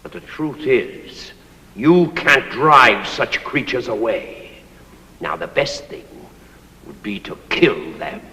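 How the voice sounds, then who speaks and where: An actor playing a pompous, cruel old master who holds forth theatrically in a declamatory manner. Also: male voice, mid-range voice, very animated, slow pace, sharp tone, full character voice. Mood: scornful. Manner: grandiose, mocking, declamatory. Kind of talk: stage play performance. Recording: echoey hall with long reverb.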